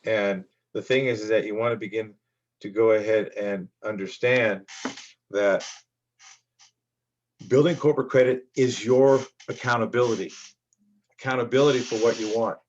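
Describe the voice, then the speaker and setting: A man's voice: lowish voice, steady tone, normal speed, long pauses, darkish tone, muffled recording, slight background noise. A man coaching on business credit in a rambling motivational monologue, full of restarts and repeats. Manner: rambling, repetitive, with many restarts.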